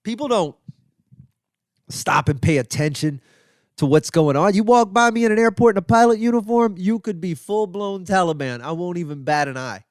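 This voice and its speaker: A man's voice: normal speed, no room sound, studio quality. Sarcastic, rambling man on a comedy podcast. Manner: rambling, profane, sarcastic riffing with restarts; jumps into high exclaims for emphasis. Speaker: podcast host. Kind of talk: comedic monologue.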